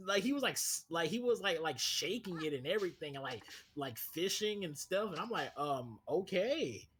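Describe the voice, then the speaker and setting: A man's voice: a little high, fairly quick, slight background noise. A young man in casual stream chat, telling stories animatedly with lots of "like" fillers. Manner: animated storytelling, full of "like" fillers.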